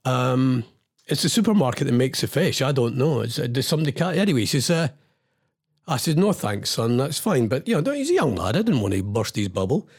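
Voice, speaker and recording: A man's voice: mid-range voice, sing-song, a little fast, darkish tone, breathy edge. A middle-aged man hosts a radio show, and he rants and rambles in exasperation with wry asides. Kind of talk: ranting radio chat.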